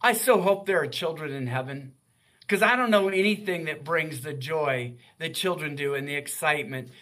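An older man in his sixties with a high, bright, forward voice. He speaks as a guest author in a faith-based interview, earnest and heartfelt as he tells his stories. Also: moderate pace.

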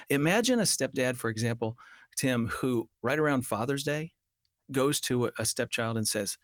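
Male family counselor for a talk show, earnest and explanatory, mid-pitched, dry studio sound. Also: vocal fry, no echo. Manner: earnest, acts out children's voices in quotes. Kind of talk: radio talk show conversation.

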